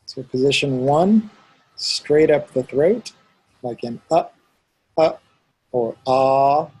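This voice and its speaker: A man's voice: medium pitch, takes it slowly, a little mellow, slightly rough, poor audio. A man teaching a student one-on-one, patiently explaining and demonstrating sounds aloud. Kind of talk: one-on-one pronunciation lesson.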